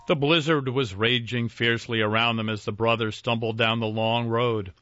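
A man's voice: mid-range voice, steady tone, bright, forceful tone, no echo. Man reading a ghost story. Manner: measured, dramatic reading. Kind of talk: scripted ghost-story narration. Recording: dry, dull lo-fi with faint music.

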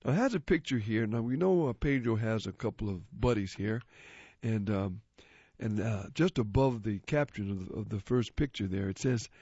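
A man's voice: on the low side, moderate pace, warm tone, husky, no echo. A man reading a magazine aloud for a radio reading service, describing the pictures off the cuff in a casual way. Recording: muffled lo-fi recording.

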